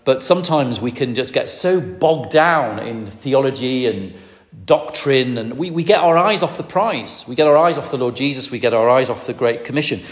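A middle-aged man preaches at a middle pitch. He speaks emphatically, often repeating words and restarting phrases. His voice carries the long reverb of a large hall. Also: expressive, normal speed. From Lancashire, England. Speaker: preacher, ordained minister. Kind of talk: sermon.

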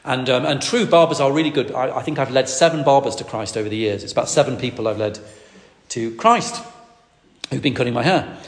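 Evangelist, quick rambling sermon voice, roomy hall with long reverb. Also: male voice, medium pitch. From northwest England. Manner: rambling storytelling with many restarts. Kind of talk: sermon teaching. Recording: echoey hall.

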